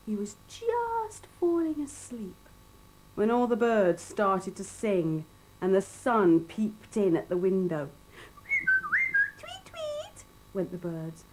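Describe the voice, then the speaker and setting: A woman's voice: medium pitch, expressive, slow pace, darkish tone, slight background noise, rough recording. A woman reading a bedtime story to children, her voice swooping up and down in a sing-song way. She takes her time, lingering over each phrase with playful expression.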